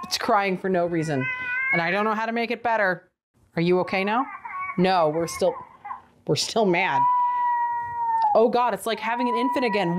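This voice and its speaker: A woman's voice: medium pitch, normal speed, long pauses, background noise. A young adult woman giving a casual toy review, with sarcastic, exasperated asides.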